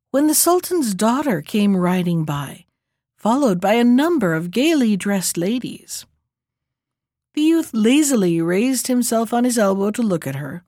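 A woman librarian reading a folktale aloud in an expressive, lively storytelling manner on a close mic. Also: medium pitch, dry recording.

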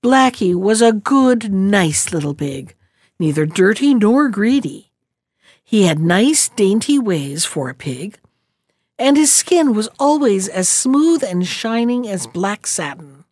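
A woman reads a children's storybook aloud in a measured, expressive way. Her voice sits at an ordinary pitch, and the sound is dry and close. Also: no echo. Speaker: narrator. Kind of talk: storybook reading.

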